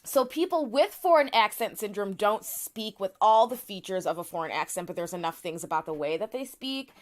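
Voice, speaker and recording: A woman's voice: mid-range voice, lively intonation, fairly quick. A woman co-hosting a podcast, explaining a topic in casual chat with frequent restarts and fillers. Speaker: podcast co-host.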